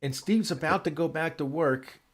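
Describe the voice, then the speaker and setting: A man's voice: fairly high pitch, normal speed. A man in casual chat, rambling through a script recap and acting out characters' lines.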